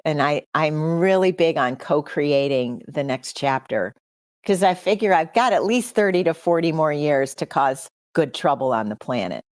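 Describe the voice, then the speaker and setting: A woman's voice: low voice, expressive, moderate pace, darkish tone, no room sound, studio quality. A middle-aged woman hosting a livestream, speaking earnestly and personally to her audience. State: choked up with emotion. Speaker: podcast host.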